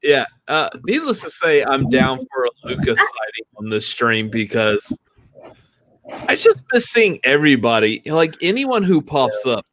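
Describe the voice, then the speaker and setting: A man's voice: mid-range voice, very animated, measured pace, fairly bright tone, no echo. A man co-hosting a casual livestream chat, playful and joking. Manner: playful, joking, sings a line. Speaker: co-host.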